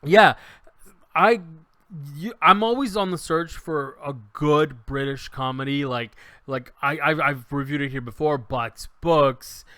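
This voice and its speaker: A man's voice: fairly high pitch, a little slow, no room sound. A man co-hosting a podcast, casually retelling a comedy show with many restarts and acted-out quotes. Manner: animated storyteller, acts out quotes, many restarts. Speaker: podcast co-host reviewing a show. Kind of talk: casual chat.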